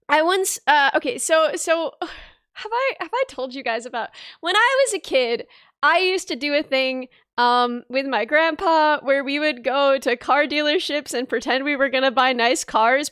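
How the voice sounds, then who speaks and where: A woman streamer with a high voice chats casually and playfully, now and then clipping her words for a joke. Her voice sits close and dry on the mic, with no room sound. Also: fairly bright tone, no echo. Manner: playful, drops articles jokingly. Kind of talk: casual chat. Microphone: desk mic at computer.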